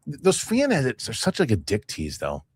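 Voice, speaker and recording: A man's voice: mid-range voice, huge pitch swings, moderate pace, husky, no echo, clean studio sound. A man hosting a casual live show, rambling and cursing freely while reading out viewer comments. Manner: rambling, profane, laughs at his own stories. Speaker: host.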